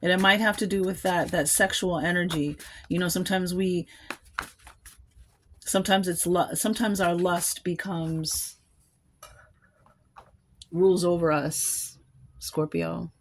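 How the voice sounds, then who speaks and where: A woman's voice: on the low side, steady tone, measured pace, pauses often, slight background noise. A woman giving a collective tarot reading, musing aloud and rambling, with small laughs between thoughts. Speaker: tarot card reader.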